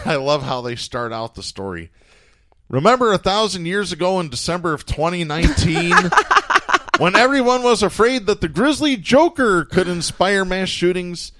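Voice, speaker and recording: A man's voice: sits high, very animated, normal speed, a bit bright. A man hosting a political podcast, reading news stories aloud with sardonic chuckles in a casual, talky way. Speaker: podcast host.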